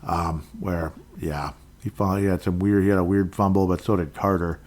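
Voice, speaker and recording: Guy from minnesota rambling on his podcast, kinda low voice, goes off on tangents. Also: fairly even intonation, moderate pace, a little mellow. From Minnesota, USA. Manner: blunt, speaks his mind. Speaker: podcast host. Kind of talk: casual sports talk monologue.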